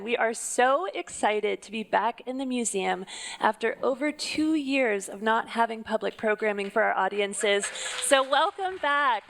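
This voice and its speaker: Young woman hosting a museum cooking demo, a bit high, gravelly, gushing, laughs a lot. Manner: effusive, emotional, laughs often. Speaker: museum food historian and host. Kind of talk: live stage introduction. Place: museum stage before an audience.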